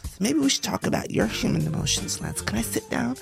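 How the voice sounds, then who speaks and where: A man voicing a gentle middle-aged mother who talks in a soft, coaxing, therapist-like way. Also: very high-pitched, huge pitch swings, fast, creaky, pitched above the performer's own voice, full character voice. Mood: soothing.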